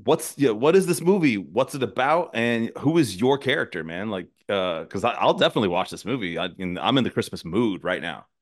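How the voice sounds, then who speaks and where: A man hosting a podcast in casual chat, rambling and excitable, often restarting his sentences. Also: lowish voice, fairly quick, few pauses. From southern US. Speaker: podcast host.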